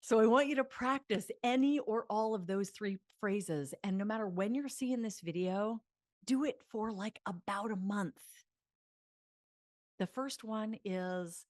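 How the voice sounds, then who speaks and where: A woman psychologist teaching self-help, chatty and animated, leading mantras aloud. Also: mid-range voice, a little slow, no room sound, studio quality.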